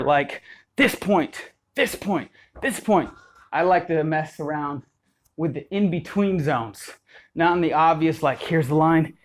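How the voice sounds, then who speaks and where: A man teaching popping moves in a loose, rambling way, counting beats aloud. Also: a little high. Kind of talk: casual spoken dance tutorial.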